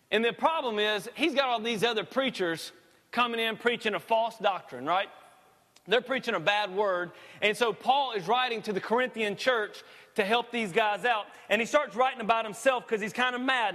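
A high-voiced man preaches a sermon in a casual, folksy way, breaking off for quick jokes. His voice rings with the long reverb of a big church hall. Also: sharp tone. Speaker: pastor. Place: church sanctuary.

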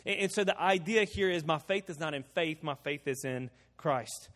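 A male pastor preaching a sermon in a conversational way, swinging between loud emphasis and quiet asides. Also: fairly high pitch, moderate pace, in a large hall. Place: church sanctuary.

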